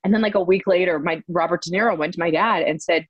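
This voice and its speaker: A woman telling stories as an interview guest, animated and laughing often, with many fillers. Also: fairly low pitch, fast, few pauses, dry recording, muffled recording. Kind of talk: casual storytelling interview.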